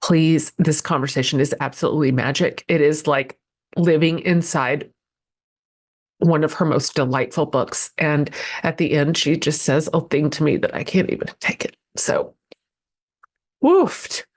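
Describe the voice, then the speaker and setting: A woman's voice: deep voice, fairly even intonation, normal speed. A woman in her forties hosting a podcast, introducing her guest with gushing emotion and plenty of ums and restarts. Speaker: podcast host.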